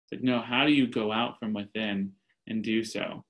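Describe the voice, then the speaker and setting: A man's voice: lowish voice, steady tone, moderate pace, fairly bright tone, rough recording. Earnest guy on a panel, acting out quotes in a story, video call audio. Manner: earnest, telling stories with quoted voices. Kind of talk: panel discussion.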